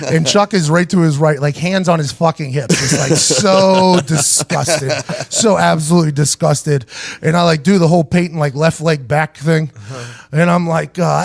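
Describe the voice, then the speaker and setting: Animated young man telling a profane story. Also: on the high side, a little slow, gravelly, no room sound. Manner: animated, profane, acts out other people's lines. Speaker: podcast host. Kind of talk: casual storytelling.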